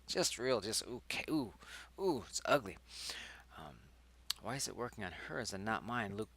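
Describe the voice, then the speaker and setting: A young man talks his way through his own screenplay, rambling and restarting as he explains his choices. His voice sits low and carries a gravelly fry, and now and then he drops into a hushed whisper. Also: no echo. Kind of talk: casual think-aloud script reading.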